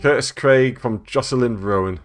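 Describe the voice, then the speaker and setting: A man's voice: medium pitch, normal speed, faint music behind. A man playing a game and reading its emails aloud, stumbling over words and adding sarcastic jokes. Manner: joking, reads text aloud with stumbles and sarcastic asides. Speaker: gaming YouTuber.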